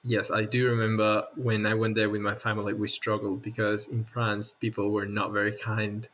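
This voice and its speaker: A man's voice: fairly low pitch, completely flat delivery, normal speed, a bit bright, slight background noise. A man from Venezuela with a Venezuelan Spanish accent, a podcast guest chatting casually and laughing easily. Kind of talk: casual interview chat.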